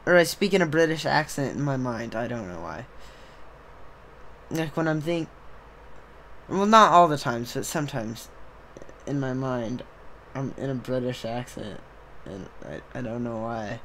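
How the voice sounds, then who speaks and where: A man's voice: mid-range voice, expressive, a little slow, long pauses, a bit bright, a little hiss or hum. A young man hosting a podcast, talking in a rambling, casual monologue that keeps trailing off and restarting. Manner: rambling, trailing off, self-interrupting. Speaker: podcast host.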